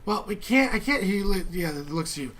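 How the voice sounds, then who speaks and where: A man narrating a tabletop game as game master, animated, slipping into the genies' sing-song voices. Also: sits high, fairly quick.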